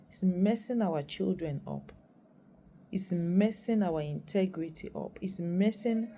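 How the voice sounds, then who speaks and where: Emphatic Nigerian woman with a mellow voice. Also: medium pitch, a little hiss or hum. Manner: emphatic and preachy, repeating phrases for stress. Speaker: vlogger and parent. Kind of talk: impassioned commentary to camera.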